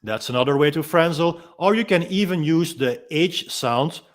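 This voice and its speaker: A man with a slightly high-pitched voice calmly teaches a freediving technique. He explains in a gentle, unhurried way and pauses often with small ums between his points. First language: Dutch. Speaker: freediving instructor. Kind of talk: instructional demonstration.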